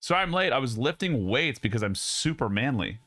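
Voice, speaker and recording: A man's voice: mid-range voice, big pitch swings, fairly quick, a bit bright. A young man chats on his own stream, his voice swinging widely as he tells stories. He is loose and profane, restarting sentences often. He speaks close into a studio mic. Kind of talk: casual live stream chat. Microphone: studio dynamic mic.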